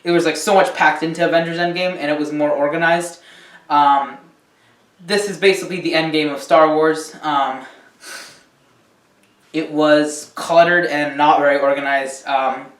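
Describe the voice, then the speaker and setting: Speaking at normal speed, a male film reviewer with a slightly high, fairly bright voice keeps a steady tone through a rambling, casual rant. Ums pile up and a swear word slips out now and then. The room is echoey and the microphone is distant.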